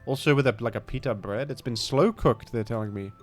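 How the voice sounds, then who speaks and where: A man's voice: medium pitch, fairly quick, a little mellow, soft background music. A man with an Australian accent, a gaming streamer giving rambling, self-deprecating commentary that trails off into mumbled asides. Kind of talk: casual rambling game commentary.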